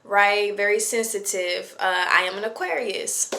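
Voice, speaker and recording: A woman's voice: mid-range voice, unhurried, gravelly, sharp tone, a little hiss or hum. A woman in her late twenties talking casually to camera about parenting, chatty and reflective, with lots of fillers. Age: 20s. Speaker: vlogger.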